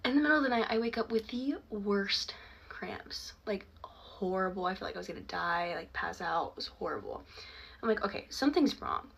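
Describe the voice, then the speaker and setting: A woman's voice: mid-range voice, normal speed, vocal fry, fairly bright tone, slightly rough. A young woman casually telling a personal story, chatty and laughing often.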